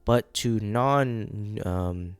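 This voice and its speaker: A man's voice: lowish voice, extremely slow, clear, resonant tone, no echo. A man giving casual, rambling commentary on a manga during a live reading, often checking in with the audience. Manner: rambling, keeps checking in with "right?".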